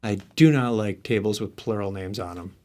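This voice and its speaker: A man's voice: on the low side, normal speed, a little mellow, faint music behind. A man hosting a live tech stream, thinking aloud and muttering asides as he works through questions, with hiccups. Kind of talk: casual screen-share tech walkthrough.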